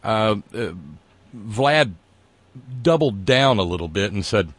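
A man's voice: on the low side, animated, slow, no room sound. A man co-hosting a casual political chat, rambling and sarcastic, with many fillers and restarts. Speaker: podcast co-host.

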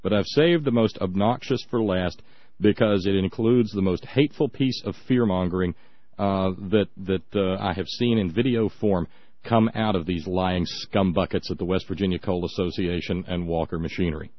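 A man's voice: deep voice, moderate pace, no echo. A man giving scornful, sarcastic, rambling radio commentary. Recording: dry, dull lo-fi audio.

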